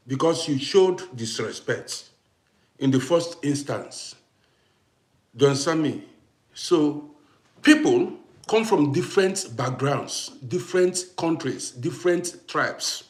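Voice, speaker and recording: A man from Africa hosts a live stream and talks straight to his viewers. He speaks slowly and deliberately, at a middle pitch. His voice echoes around a roomy space. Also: lively intonation. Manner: talks to viewers in chat, grows heated and loud answering a critic. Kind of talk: casual live-stream chat. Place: home in Austria.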